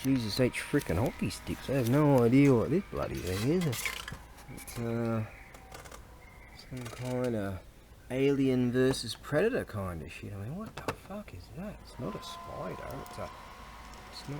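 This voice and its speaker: A man talking in a casual, rambling vlog monologue. He swears a lot, laughs often and sometimes drops to a low mutter while he works. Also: very animated, moderate pace, creaky, background noise. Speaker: vlogger.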